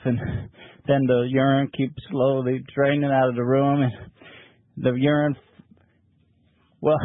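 A man doing a sheepish old caller, about sixty-five, who rambles and stalls with husky, hesitant words. He sounds squeezed through a tinny phone line with no room around him. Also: mid-range voice, no room sound, close to an everyday voice. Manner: halting, sheepish, full of fillers. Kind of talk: prank call to a psychic line.

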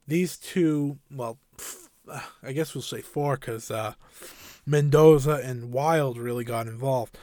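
A man's voice: medium pitch, slow, dark tone, no room sound, studio quality. A man giving a casual, enthusiastic and opinionated recap of a wrestling show, rambling a little with fillers.

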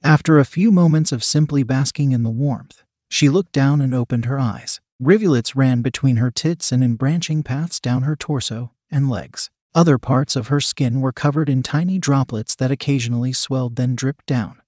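A man giving a scripted story narration in an even, steady reading voice. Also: medium pitch, normal speed, hardly any pauses, no echo, studio quality.

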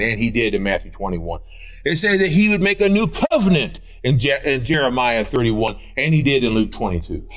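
A man's voice: on the high side, a bit bright. A man preaching an Easter sermon as pastor, running through scripture references with rising emphasis. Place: church sanctuary.

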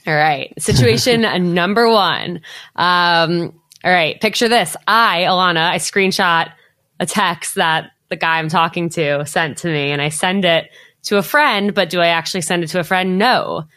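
A woman's voice: fairly low pitch, normal speed, sharp tone, no echo, studio quality. A woman hosting a dating podcast, chatty and upbeat and full of "like" fillers. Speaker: podcast host. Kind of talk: casual podcast chat.

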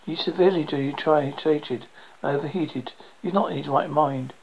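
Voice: mid-range voice, normal speed, a little mellow, slight background noise, lightly acted, rough recording. A storyteller voicing a worn-out but firm man who keeps a group of desert survivors together. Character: weary, steady man leading desert survivors.

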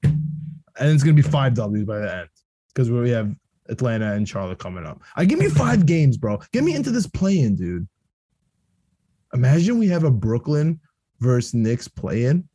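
A young man co-hosting a casual sports podcast, rambling and excitable and laughing often. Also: mid-range voice, normal speed, husky, dry recording, clean studio sound. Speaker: podcast co-host.

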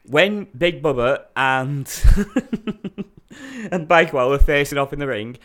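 A man co-hosting a podcast, chatting about wrestling in a lively, sweary way and laughing often. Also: mid-range voice, slow pace. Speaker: podcast co-host. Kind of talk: casual wrestling chat.

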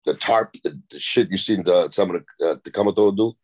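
A man's voice: low voice, fairly quick. A man, a rapper and podcast guest, telling rambling, profane stories in a casual chat. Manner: rambling, profane, animated anecdotes.

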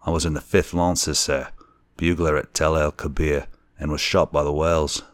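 A man's voice: extremely low pitch, flat delivery, moderate pace, no echo, studio quality. A man voicing a young Cockney bellboy and former soldier, deferential and anxious, forever saying sir. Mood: telling tale.

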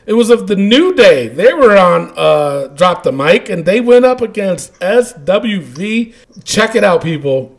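A man's voice: high-pitched, unhurried. A man hosting a casual podcast, reading out listener comments and laughing often. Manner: animated, laughing often, trailing off quietly. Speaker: podcast host.

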